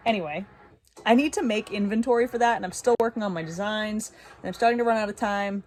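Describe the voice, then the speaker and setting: A young woman talks casually to camera from her small woodworking shop. Her voice sits at a middle pitch. She is chatty and upbeat and often laughs at herself, with a faint hum of room ambience behind her. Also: fast. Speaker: woodworker and small business owner. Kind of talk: casual vlog talk to camera.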